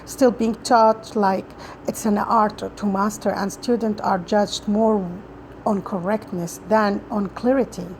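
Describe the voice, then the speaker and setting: A woman practicing a prepared talk, her voice sitting at a middle pitch. She moves through the speech haltingly, restarting phrases and slipping on grammar along the way. There is a faint noise behind her. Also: steady tone, a little mellow, low-quality recording.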